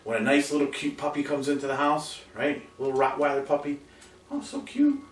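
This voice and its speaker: A male dog trainer giving an animated lesson to camera and checking in with listeners, often slipping into high voices to quote dog owners. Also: quick pace, slight background noise. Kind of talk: instructional talk to camera. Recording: roomy sound from a distant mic.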